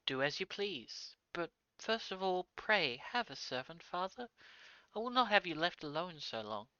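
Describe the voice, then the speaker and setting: A man's voice: sits high, normal speed, clear, resonant tone, no echo, lo-fi sound, pitched above the performer's own voice, exaggerated voice. A man reading as an eager young sailor. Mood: earnest. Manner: excited, exclaiming.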